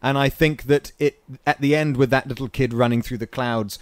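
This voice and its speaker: A man's voice: mid-range voice, fairly even intonation, moderate pace, no echo. A man from England hosting a casual podcast chat about films, chatty and laughing often. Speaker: podcast host.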